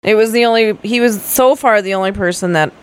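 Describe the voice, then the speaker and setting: A woman on a relaxed book club podcast works through her thoughts aloud, often starting over mid-sentence. Her voice sits mid-range, with a faint hiss under it. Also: medium pitch, a little fast. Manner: thinks aloud, restarting sentences. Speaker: podcast co-host. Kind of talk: casual book club chat.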